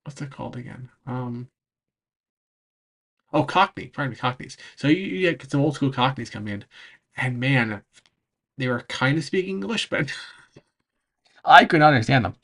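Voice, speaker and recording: A man chatting casually on a livestream, answering chat, rambling and often pausing to search for words, with frequent laughs. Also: medium pitch, animated, a bit bright. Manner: laughs between phrases. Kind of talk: casual livestream chat over travel footage.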